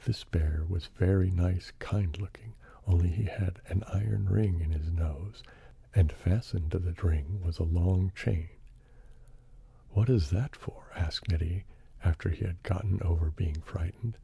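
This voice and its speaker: A man reading a bedtime story in a soft-spoken ASMR style, hushed and partly whispered. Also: deep voice, fairly even intonation, a little slow, creaky, breathy edge.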